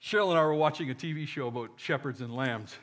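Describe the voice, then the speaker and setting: A man's voice: fairly high pitch, quick pace, fairly bright tone. A man preaching a sermon, reading scripture with joking asides and leading the congregation in call-and-response. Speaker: pastor.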